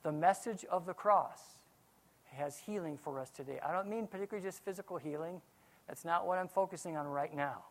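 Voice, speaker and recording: A man, a pastor, preaching a sermon, swinging from quiet asides to loud outbursts. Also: a little high, a little fast.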